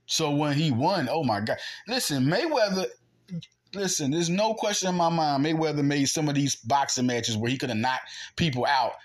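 A male podcast host, his voice a little high with lively intonation at a normal speed, gives a fired-up, argumentative sports commentary. Along the way he mimics punches using sound effects.

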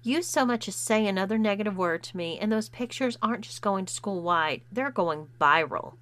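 A woman reading a story aloud, voicing a cold, bossy young woman who bullies with calm commands. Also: medium pitch, moderate pace, close to an everyday voice. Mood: calm menace.

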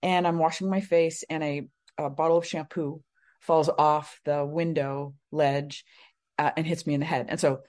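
A woman's voice: sits low, level tone, normal speed, a little mellow. A middle-aged woman, a guest on an interview show, telling a personal story casually, with many fillers and rambling asides. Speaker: guest, psychic medium.

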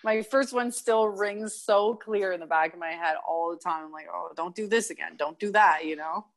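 A woman's voice: fairly low pitch, normal speed. A young woman from Canada, a guest in a casual interview, telling stories animatedly, acting out quotes and laughing often. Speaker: guest, kettlebell athlete.

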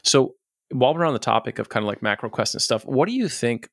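A man hosting a podcast, asking quick, loose questions with casual swearing. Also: medium pitch, animated, gravelly, dry recording, studio quality. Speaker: podcast host. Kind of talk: casual interview.

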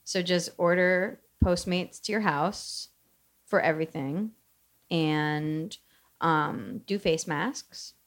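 A woman's voice: lowish voice, slow. A woman co-hosting a podcast, rambling and giggling through casual comedic chat. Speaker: podcast co-host.

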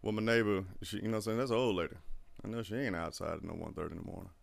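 A man telling a profane, animated story in casual chat, acting out the people he quotes. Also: on the low side, very fast, creaky.

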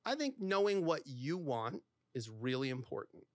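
Animated man, lively swooping voice. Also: mid-range voice, normal speed, no echo, studio quality. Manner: animated storyteller who acts out quoted dialogue, heavy use of "like". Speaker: divorce lawyer, podcast guest. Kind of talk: candid podcast conversation.

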